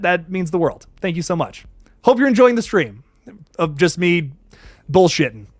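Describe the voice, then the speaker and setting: A man's voice: a little high, a bit bright, no echo, clean studio sound. A young man casually chatting on a live stream, swearing often and reading viewers' chat messages aloud.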